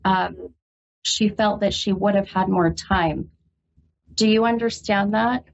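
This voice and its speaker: Woman, psychic radio host, lightly gravelly, hesitant and comforting, muffled lo-fi sound. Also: medium pitch, steady tone. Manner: halting, full of ums, gentle and reassuring. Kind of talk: call-in psychic reading. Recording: dull lo-fi radio recording.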